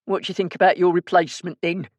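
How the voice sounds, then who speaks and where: A woman's voice: fairly low pitch, fairly even intonation, quick pace, darkish tone, dry recording, close to an everyday voice. A woman voicing a sly, mock-posh older man. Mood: jaunty. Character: sly older uncle, playful actor.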